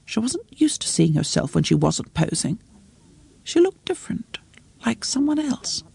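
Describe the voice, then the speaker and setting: A woman narrating a story in a measured, close storytelling read. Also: on the low side, sing-song, creaky, mellow, husky. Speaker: audiobook narrator. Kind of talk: scripted narration.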